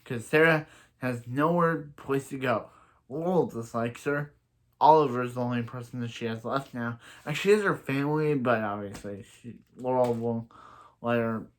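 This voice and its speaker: A man's voice: medium pitch, moderate pace. A man casually recapping a TV episode as a reviewer, rambling through restarts and giving blunt opinions. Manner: rambling, stumbling over restarts.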